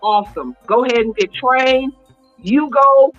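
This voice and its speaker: A woman's voice: high voice, a little slow, lo-fi sound, soft background music. A woman in her late forties, an interview guest, telling her personal story candidly and acting out quoted dialogue. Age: 40s. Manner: animated, emphatic retelling with quoted dialogue.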